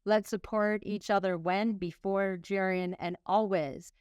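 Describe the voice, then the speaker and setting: A woman's voice: mid-range voice, steady tone, measured pace, a little mellow, smooth, dry recording, highs cut off. A middle-aged woman from Canada, a former nurse speaking as a guest author, talking in an effusive, heartfelt way with frequent restarts. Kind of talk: emotional personal talk.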